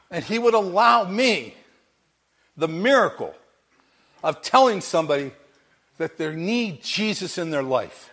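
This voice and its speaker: A man preaching a sermon with emphasis, repeating his phrases and swinging from quiet to loud, laughing now and then. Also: sits high, lively intonation, a little slow, long pauses.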